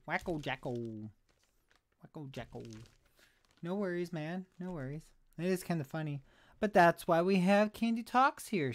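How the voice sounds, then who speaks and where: A man chatting on a live stream about thrift finds, rambling and self-deprecating, sounding slightly out of breath. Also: high-pitched. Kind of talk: casual live stream chat.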